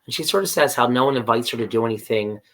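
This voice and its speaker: A man in casual podcast conversation, retelling a TV episode scene by scene. His voice sits at a middle pitch. He slips into the characters' lines with an animated, storytelling manner. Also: rapid-fire. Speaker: podcast co-host. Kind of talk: casual chat recapping a TV episode.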